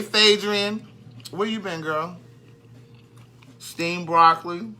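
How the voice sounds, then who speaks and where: A man's voice: on the high side, pushed and bright. A man hosting a casual live stream, chatting and greeting viewers by name, and easily sidetracked.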